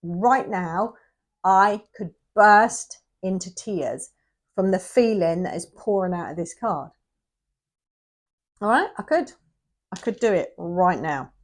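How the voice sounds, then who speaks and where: A woman's voice: lowish voice, expressive, takes it slowly, long pauses. Tearful woman reading tarot. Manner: emotional, addresses viewer directly, often drops to a whisper. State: close to tears. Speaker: tarot reader.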